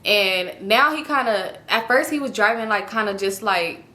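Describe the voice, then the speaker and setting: A woman's voice: mid-range voice, lively intonation, moderate pace, bright, forceful tone. A woman vlogger telling a personal story in a casual, candid and profane way.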